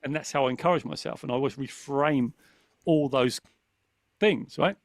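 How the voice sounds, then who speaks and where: In studio-quality audio with no echo, a man with a mid-range voice chats casually on a podcast panel at a moderate pace. He's animated as he tells stories, acting out the voice in his head.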